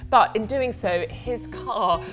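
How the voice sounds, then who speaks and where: A woman's voice: a little high, takes it slowly. Playful woman co-hosting over music. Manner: playful, teasing banter. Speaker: co-host. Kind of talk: casual news presenting. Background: background music.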